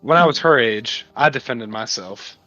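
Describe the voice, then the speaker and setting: A man's voice: medium pitch, lively intonation, moderate pace, sharp tone, lo-fi sound. A man playing a tabletop game, persistent and pushy in argument. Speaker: player. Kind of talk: tabletop role-play.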